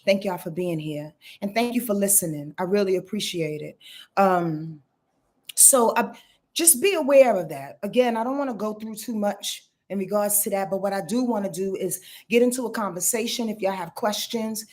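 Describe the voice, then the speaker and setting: An astrologer with a mid-range, slightly mellow voice talks at a normal speed on her casual livestream. Her style is loose and chatty, with swearing and direct remarks to viewers she calls y'all.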